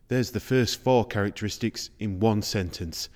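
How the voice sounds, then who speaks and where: A man's voice: lowish voice, darkish tone. Man narrating, with hall reverb. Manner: measured, explanatory. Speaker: podcast host. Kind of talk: scripted documentary narration. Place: large circular museum room. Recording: reverberant space.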